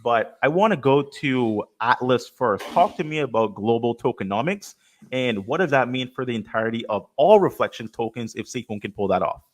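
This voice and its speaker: A man's voice: medium pitch, expressive, a little fast. A man moderating a live crypto panel, who talks in a conversational way and steers the discussion to new topics.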